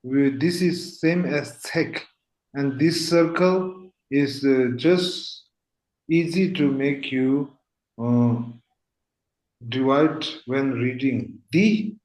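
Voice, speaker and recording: A man's voice: mid-range voice, drawn-out words, a little mellow. A man teaching a language class, modelling syllables aloud and checking in with his students. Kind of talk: slow patient classroom teaching. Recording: echoey room.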